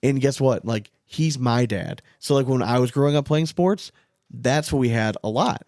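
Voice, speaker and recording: A man's voice: mid-range voice, normal speed, darkish tone, dry recording, studio quality. A man in his thirties, a podcast co-host, telling a long story in a rambling, casual way with lots of "like". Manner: rambling storyteller, heavy use of "like". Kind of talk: casual chat.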